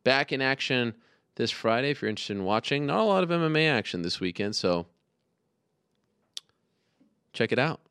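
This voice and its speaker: A man's voice: mid-range voice, expressive, normal speed, pauses often, a bit bright, clean tone, no echo, studio quality. A man hosting an interview show over a headset, upbeat and playful as he introduces a fighter. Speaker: podcast host. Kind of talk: casual interview.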